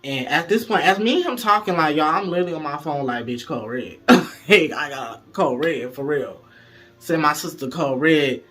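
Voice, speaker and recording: A man telling a story to viewers in a casual, profane, animated way, speaking straight to the audience. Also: a little high, moderate pace, soft background music.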